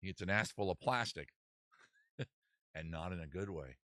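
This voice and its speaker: A man's voice: low voice, lively intonation, moderate pace, bright, forceful tone, dry recording, studio quality. A man hosting a comedy livestream, rambling and self-mocking in a casual chat style. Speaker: host.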